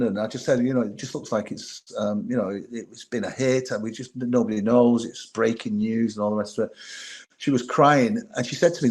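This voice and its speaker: A man, a former bodyguard telling candid, lively anecdotes as a podcast guest. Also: mid-range voice, fairly quick. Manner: candid, animated anecdotes with laughter. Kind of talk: storytelling in a podcast interview.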